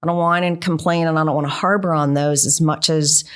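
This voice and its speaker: Low-voiced woman telling workplace stories. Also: fairly even intonation, fairly quick. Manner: earnest, often ends points with "right?". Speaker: NASA engineering leader, interview guest. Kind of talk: conversational storytelling.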